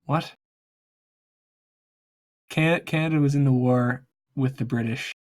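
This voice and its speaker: A man chatting casually between game sessions, talking haltingly, stumbling over his words and laughing as he goes. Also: mid-range voice, darkish tone. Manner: halting, stammers and laughs mid-sentence. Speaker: player.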